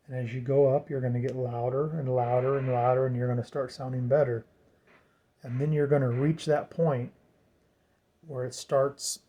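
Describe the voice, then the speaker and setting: A man's voice: mid-range voice, dark tone. A man giving a casual how-to tutorial on setting up a radio. He rambles, repeats words and leans on fillers as he talks through the steps at home. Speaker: radio hobbyist explaining setup.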